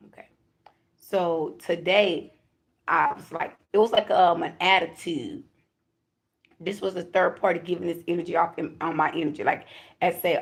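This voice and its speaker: Woman, spiritual reader vlogging, low voice with a gravelly edge, talks straight to viewers. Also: normal speed. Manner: chatty, emphatic, addresses viewers directly. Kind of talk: casual spiritual talk to viewers.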